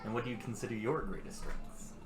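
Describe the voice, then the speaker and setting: Formal-sounding game master, echoey room. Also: male voice, on the low side, lively intonation, over music. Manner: measured, formal questioning. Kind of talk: narrating and voicing an interviewer in a tabletop game.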